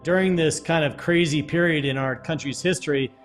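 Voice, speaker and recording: Slightly high-voiced male host. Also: a little fast, faint music behind. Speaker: interview host. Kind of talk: casual interview.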